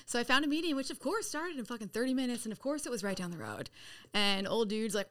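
With a rapid-fire delivery and a voice on the high side, a woman recounts her story as a guest on a podcast. She swears casually, stays animated, and performs the quoted dialogue.

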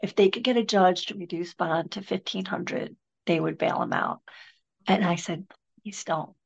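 Gravelly middle-aged woman, rambling. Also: lowish voice, moderate pace, highs cut off. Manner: rambling, many fillers and restarts. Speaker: guest. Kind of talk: casual conversation.

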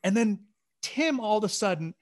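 A man co-hosting a podcast, telling a story in a casual, animated way, acting out dialogue and laughing along. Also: high-pitched, moderate pace. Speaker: podcast co-host.

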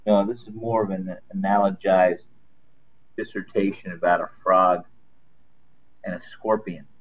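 A man's voice: deep voice, fairly even intonation, normal speed, a little hiss or hum. A man co-hosting a casual sports talk show, telling folksy stories and homespun sayings. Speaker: co-host. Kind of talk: casual sports radio chat. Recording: tinny phone-line sound.

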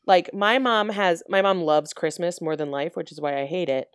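A woman chatting on a podcast, wry and unhurried, with many fillers. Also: fairly low pitch, smooth, no room sound, clean studio sound. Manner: drawn-out, filler-heavy, wry and reasonable. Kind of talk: casual chat.

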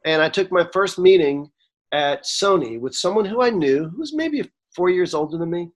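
A man in his forties, a songwriter guest, telling a story in an interview, animated and acting out the dialogue, at times getting emotional. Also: high voice, moderate pace. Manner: animated, acts out quoted dialogue; gets emotional.

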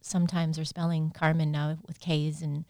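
A lively woman from Iowa chats as a guest on an interview show, animated and quick to laugh. Her voice sits on the low side. The sound is dry and close. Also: no room sound. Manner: chatty and animated, laughs easily, spells words out. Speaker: guest musician. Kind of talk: casual interview chat.

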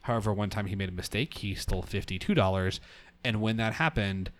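Man host, low-pitched, earnest and rambling. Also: fairly quick, a bit bright. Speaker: podcast host. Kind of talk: casual political chat.

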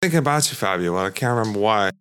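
A man's voice: on the low side, lively intonation, racing, a bit bright. Rambling, swearing man chatting casually. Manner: rambling, swears a lot, laughs often. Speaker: tabletop game player. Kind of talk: casual chat before a game session.

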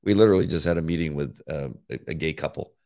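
A man co-hosting a faith podcast in casual chat, with a deep voice, animated and repeating words when excited. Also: quick pace. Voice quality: deep, gravelly voice. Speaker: podcast co-host.

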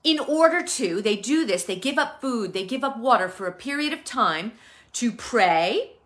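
Lively, bright-voiced woman teaching the Bible. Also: fairly high pitch, moderate pace. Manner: conversational, with many fillers and restarts. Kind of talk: casual teaching sermon.

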